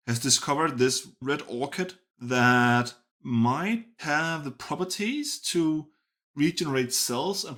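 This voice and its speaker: A man's voice: mid-range voice, a bit bright. A man giving a casual spoken film review, stopping often to restart and correct himself. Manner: hesitant, frequent restarts and self-corrections. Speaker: movie reviewer.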